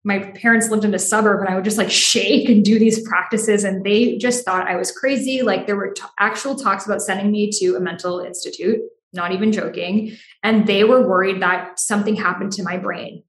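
A woman's voice: mid-range voice, fairly quick, few pauses. A young adult woman from the United States, a podcast guest telling her personal story frankly, with a lot of "like" fillers. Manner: frank, animated, frequent "like" fillers. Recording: roomy echo.

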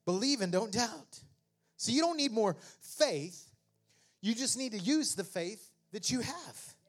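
A male pastor preaching a sermon, joking with the congregation and then building to shouted exhortations. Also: extremely high pitch, very animated, measured pace. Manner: swings from conversational asides to shouted preaching; jokey, laughs at own remarks.

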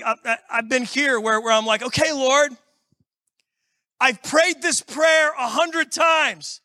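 Middle-aged male pastor, bright and high, animated storytelling sermon, dry close mic. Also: no room sound. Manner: animated, exclamatory, acts out everyday scenes. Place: church building with a congregation.

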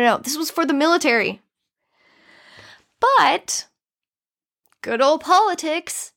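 A woman's voice: on the high side, fairly bright tone. A woman hosting her podcast solo, talking earnestly and getting emotional as she speaks straight to her listeners. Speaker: podcast host.

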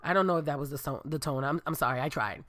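A young adult woman from Brooklyn, New York, casually telling viewers a story and acting out the dialogue with lively voices. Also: low-pitched, fast, heavy background noise. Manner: animated, acts out dialogue with voices. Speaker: storyteller vlogger.

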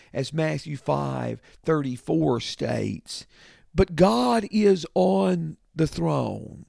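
Slow, gravelly-voiced man preaching. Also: on the high side, darkish tone, no echo, clean studio sound. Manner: slow, deliberate expository preaching with emphatic repetition. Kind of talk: sermon.

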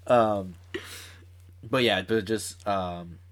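A man's voice: lowish voice, drawn-out words, a bit bright. A young man chatting as a podcast guest, rambling and self-mocking with lots of fillers. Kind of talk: casual chat.

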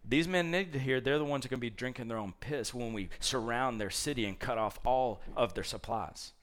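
A man voicing a bloodthirsty male enemy envoy who shouts mocking threats in a retold scripture story. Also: medium pitch, brisk, close to an everyday voice. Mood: menacing.

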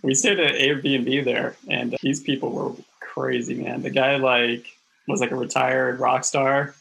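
Man, podcast host, easygoing, gravelly, husky. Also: mid-range voice, little pitch movement, unhurried, fairly bright tone, low-quality recording. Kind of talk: casual interview chat.

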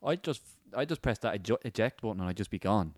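A man's voice: lowish voice, animated, quick pace, no room sound. An Irish man co-hosting a casual chat podcast, with dry, defensive banter. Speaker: podcast co-host.

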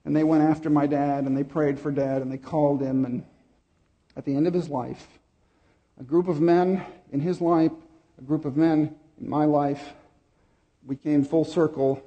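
A middle-aged man preaching a sermon, telling a personal story with pauses and repeated words. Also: on the high side, steady tone, mellow, muffled recording. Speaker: pastor.

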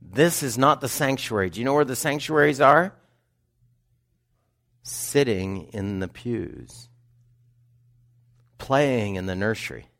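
A man's voice: mid-range voice, animated, takes it slowly, long pauses, a bit bright. A man preaching in church, reading scripture aloud and then turning to ask the congregation questions. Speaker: pastor. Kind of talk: sermon. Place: church sanctuary.

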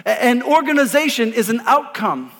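A man, a pastor preaching an energetic sermon, emphatic and repeating words as he calls on the congregation to answer. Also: very high-pitched, moderate pace. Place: church auditorium before a congregation. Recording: live in a reverberant hall.

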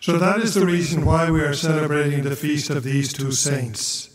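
A male priest giving a homily in a slow, measured way, sometimes chanting the gospel reading. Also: a little high, steady tone. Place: church. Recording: echoey church from far off.

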